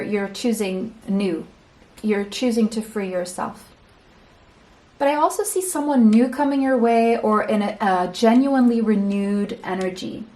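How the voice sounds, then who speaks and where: A woman's voice: mid-range voice, a little mellow. A woman giving a pick-a-card tarot reading, chatty and speaking straight to the viewer, often correcting herself as she goes. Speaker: tarot reader.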